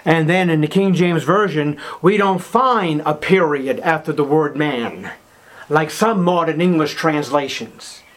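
A man preaching a sermon, emphatic, swinging from loud declarations to hushed, slow words. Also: fairly high pitch.

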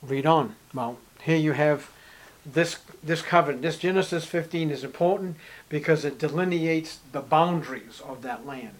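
A man preaching an expository Bible sermon, reading scripture aloud and asking rhetorical questions with strong emphasis. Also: moderate pace. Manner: emphatic, rising to forceful highs on key words; reads scripture in King James style, asks rhetorical questions.

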